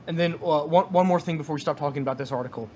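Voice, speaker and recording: Male podcast co-host, slightly high voice, hesitant and full of restarts, faint hiss behind. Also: darkish tone. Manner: halting, many fillers and restarts. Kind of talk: casual podcast discussion.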